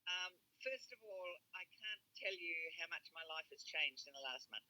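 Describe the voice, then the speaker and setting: Middle-aged woman calling in, sharp-toned. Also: on the low side, animated, moderate pace, rough recording. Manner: earnest, a little hesitant, with filler words. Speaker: caller sharing progress. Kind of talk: casual call-in chat.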